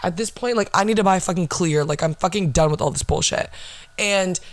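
A woman's voice: fairly low pitch, brisk, no echo. Profane, exasperated woman ranting on a podcast. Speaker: podcast host. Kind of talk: solo podcast rant.

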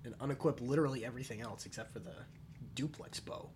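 A man's voice: medium pitch, fast talker, background noise. A man co-hosting a casual comedy podcast while gaming, riffing on silly bits in a rambling, jokey way. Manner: rambling, jokey, bursts into loud shouted impressions. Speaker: podcast co-host.

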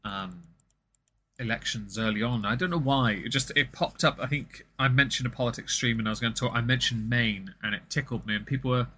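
A man's voice: medium pitch, brisk, bright, forceful tone, slight background noise. A man, co-hosting a casual political chat in a blunt, profane, rambling way. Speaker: streamer and co-host.

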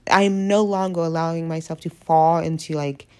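A woman's voice: deep voice, steady tone, normal speed. A young woman with a stuffy head cold chatting casually in a rambling, self-deprecating, jokey way. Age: young adult. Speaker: vlogger. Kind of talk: casual confessional chat.

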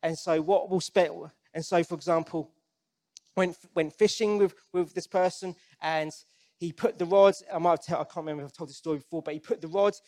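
A man's voice: on the high side, fairly even intonation, a little fast, a little mellow. A man preaching a sermon in a conversational, earnest way, often restarting his sentences and asking the congregation questions. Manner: asks the congregation direct questions.

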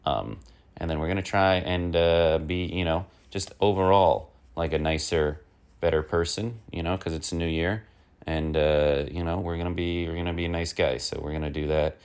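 Very deep gravelly man rambling. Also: fairly even intonation, moderate pace, a little mellow. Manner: rambling, full of fillers, irritable rants. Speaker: host of a one-man news show. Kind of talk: casual rambling comic monologue.

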